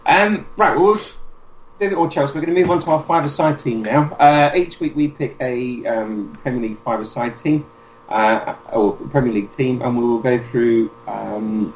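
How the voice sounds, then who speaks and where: A man's voice: mid-range voice, moderate pace. A man hosting a casual football podcast, leading the segment in a laid-back way with frequent fillers. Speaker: podcast host. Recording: echoey room with faint noise.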